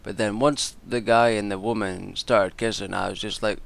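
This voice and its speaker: A man's voice: lowish voice, fairly even intonation, normal speed, vocal fry, few pauses. A man giving casual, rambling predictions and reviews, exasperated and swearing freely as he talks. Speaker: wrestling commentator and vlogger.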